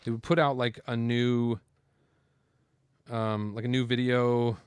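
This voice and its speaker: A man's voice: mid-range voice, level tone, takes it slowly, clear, resonant tone, no echo. A man hosting a casual building video, talking his way through the build in a chatty, rambling way with lots of fillers. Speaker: host building LEGO on camera.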